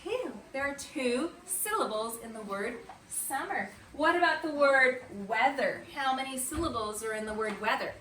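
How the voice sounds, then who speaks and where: A woman teaching kindergarten and first graders in an online morning meeting, slow and sing-song. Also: high voice, expressive, pushed and bright, roomy sound, recorded from a distance. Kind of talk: remote morning meeting lesson. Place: at home or classroom on camera.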